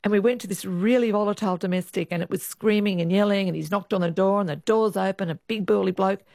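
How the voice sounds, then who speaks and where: Ex-cop woman, lively storyteller, dry close sound, interview guest. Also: mid-range voice, fast, gravelly, no room sound. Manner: lively storyteller, acts out quoted voices. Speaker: retired police officer, guest.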